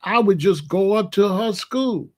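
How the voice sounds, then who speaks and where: His voice sits high and he talks a little slowly: a show host in his late sixties sharing family tales. The monologue is casual and boastful, with a streetwise edge and plenty of slang.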